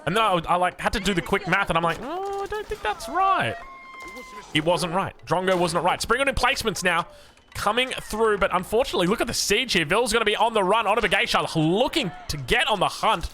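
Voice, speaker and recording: A man's voice: sits high, fast talker, bright, forceful tone. An Australian man casting a strategy game, chatty and self-mocking, drifting into rambling asides. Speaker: game caster. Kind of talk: casual game commentary.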